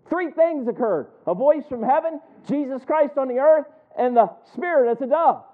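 A man preaching a sermon, drawing responses from his listeners and reading scripture slowly and with emphasis. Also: very high voice, animated. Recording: tinny phone-like sound.

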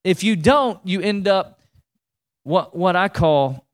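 A man preaching a sermon as pastor, energetic and repetitive, often restarting his sentences as he pushes his point. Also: sits high, slow pace.

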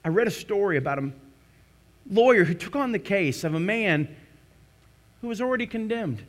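High-voiced impassioned male pastor. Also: animated, normal speed. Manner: impassioned storytelling, rising to cries then hushing to prayer. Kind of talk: sermon.

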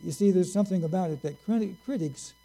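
A man preaching a sermon, telling a story slowly and earnestly and drawing out his key words. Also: high voice, creaky, warm tone, low-quality recording.

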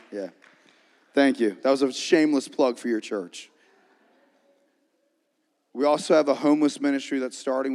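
A man preaching a sermon as a pastor, energetic, with call-and-response lines to the congregation. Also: fairly high pitch. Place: church sanctuary. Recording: long reverb of a large hall.

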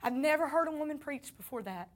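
A woman's voice: high-pitched, expressive, quick pace. A woman with a Southern accent giving an earnest personal faith testimony, speaking to her listeners as y'all.

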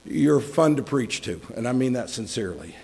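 A man's voice: mid-range voice, sing-song, moderate pace, vocal fry, darkish tone, slightly rough. A middle-aged man giving a conversational sermon as a guest preacher, folksy and joking with chuckling asides. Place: church sanctuary. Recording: long hall reverb.

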